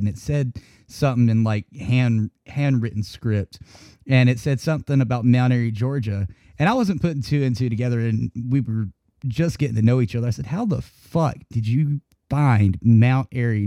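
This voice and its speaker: A man's voice: mid-range voice, a little fast, dry recording, studio quality. A man from North Carolina hosting a podcast, telling stories with lots of swearing. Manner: profane, animated storytelling. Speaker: podcast host. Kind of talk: casual chat.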